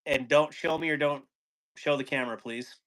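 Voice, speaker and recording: A man's voice: on the high side, fairly even intonation, moderate pace, fairly bright tone. A man hosting a casual livestream chat, laughing often and reading viewer comments aloud. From Wyoming. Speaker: host.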